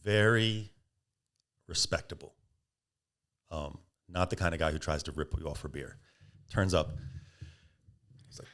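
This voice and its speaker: Deep-voiced man telling a story. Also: moderate pace, pauses often. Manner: animated, acts out quotes with laughs. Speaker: podcast guest. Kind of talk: casual storytelling.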